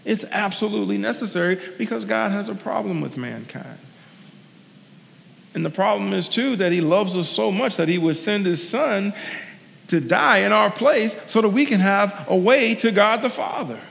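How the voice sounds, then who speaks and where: A man's voice: sits high, animated, moderate pace, gravelly, fairly bright tone, long reverb tail. A man delivering a sermon as a guest preacher, earnest and conversational, repeating his key lines for emphasis with personal asides. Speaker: guest preacher, sports team chaplain.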